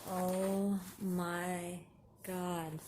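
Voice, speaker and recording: Lady in her 40s doing a slow chatty unboxing vlog, gushy and excited, bit of hiss. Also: on the low side. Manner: gushing, excitable, talks to viewers. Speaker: crafting vlogger. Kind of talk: casual unboxing commentary.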